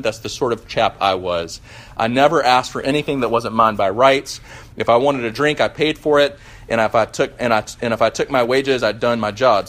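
A man voicing the self-righteous ghost of a dead man, bitter, defensive and raised in pitch and volume. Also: a bit bright, natural voice.

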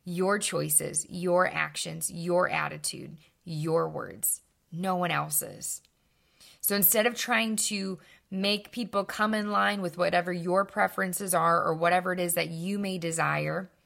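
A young adult woman giving calm, earnest advice, slowing down to stress key words. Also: on the low side, gravelly. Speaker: speaker giving life advice. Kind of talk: calm scripted talk to camera.

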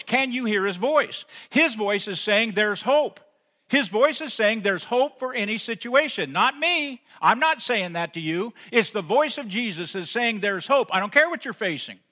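A man preaching a sermon as pastor, rising to emphatic peaks and then dropping soft and intimate. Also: high-pitched. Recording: long hall reverb.

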